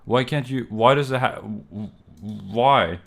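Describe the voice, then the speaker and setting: A man's voice: mid-range voice, takes it slowly, vocal fry. A young man streaming on his own, rambling and exasperated, full of fillers and restarts. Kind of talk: casual solo stream talk.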